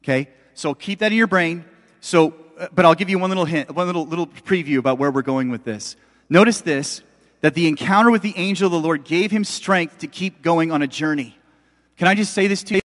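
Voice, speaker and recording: With long hall reverb around him, a middle-aged man preaches a sermon in a brisk voice on the high side. He's conversational yet emphatic, addressing the audience directly.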